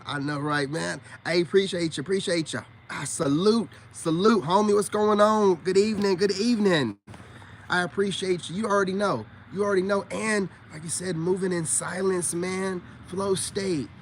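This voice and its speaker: A self-styled spiritual coach livestreams to his viewers, chatting casually and teasing them in a drawl while repeating "you know what I'm saying." His voice is high-pitched with a steady tone at a normal speed, and there's a little hiss or hum.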